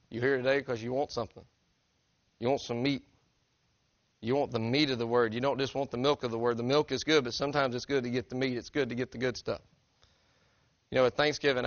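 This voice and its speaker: A man's voice: medium pitch, no room sound. Man, middle-aged, pastor preaching, earnest and conversational, dry close sound, slightly muffled. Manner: earnest, conversational preaching with direct questions to the congregation. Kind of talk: sermon. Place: church sanctuary.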